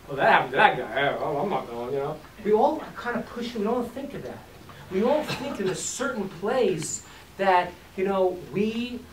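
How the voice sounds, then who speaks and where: A teacher giving an informal talk to a live audience, acting out quotes and joking with the room. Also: medium pitch. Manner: animated, acts out quotes and jokes with the room. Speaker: teacher of a class. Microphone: distant from the mic. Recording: echoey room, distant mic, faint hiss.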